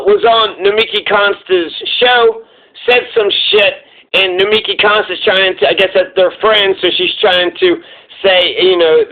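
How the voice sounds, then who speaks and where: High-voiced sarcastic male commentator. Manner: sarcastic, profane, rambling. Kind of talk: casual reaction commentary. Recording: tinny phone-like sound.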